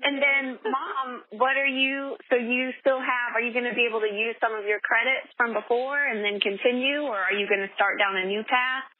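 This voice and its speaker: A woman's voice: on the high side, steady tone, moderate pace, hardly any pauses. A woman interviewing guests, encouraging and supportive as she asks her questions. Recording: tinny phone-like line.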